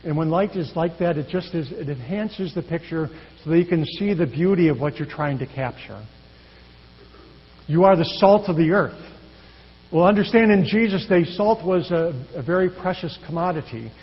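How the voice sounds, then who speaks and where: A male pastor preaching a sermon in an earnest, measured way, his phrases often trailing off softly. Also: fairly high pitch, breathy edge. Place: church sanctuary. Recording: dull echoey church hall.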